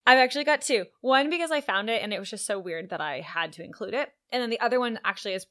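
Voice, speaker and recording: A woman co-hosting a book podcast in casual chat, relaxed and agreeable. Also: medium pitch, quick pace. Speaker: podcast co-host.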